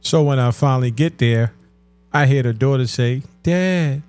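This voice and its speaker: A man telling crude, profane comedy stories in street slang, with a drawn-out delivery, often breaking into laughter. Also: medium pitch, a little mellow. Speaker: stand-up comedian. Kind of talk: comedic storytelling.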